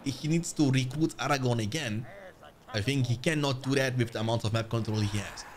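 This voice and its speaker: A man giving live commentary on his own strategy game as a streamer, addressing viewers as "boys" and swinging from muttering to yelling at the screen. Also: medium pitch, brisk. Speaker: gaming streamer.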